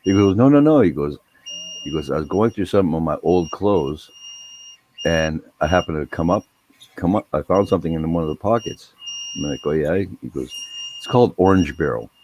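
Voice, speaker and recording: Man, very deep voice, casual chat, rambling storyteller, lots of swearing. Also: a little fast, noisy background. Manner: rambling, heavy swearing, laid-back.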